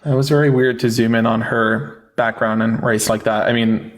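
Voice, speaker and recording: A man in his forties hosting a heated live debate, mocking and condescending, who keeps telling his guests to calm down. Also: mid-range voice, moderate pace. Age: 40s.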